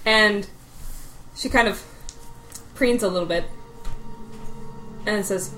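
A woman's voice: medium pitch, slow, pauses often, fairly bright tone, soft background music, poor audio. A woman playing a tabletop game, bantering playfully in character. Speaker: player. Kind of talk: tabletop role-play.

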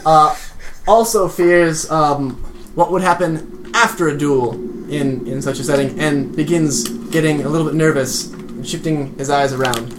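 Slow, halting man narrating his character. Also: a little high. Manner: halting, many fillers. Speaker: player. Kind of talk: narrating a tabletop game. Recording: echoey room with background noise.

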